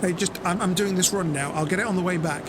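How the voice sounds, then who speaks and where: British male streamer, higher voice, casual and self-mocking, vehicle noise in the background. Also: fast talker. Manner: chatty, self-mocking, acts out friends in high voices. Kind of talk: casual gameplay chat. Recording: game sounds and vehicle noise behind.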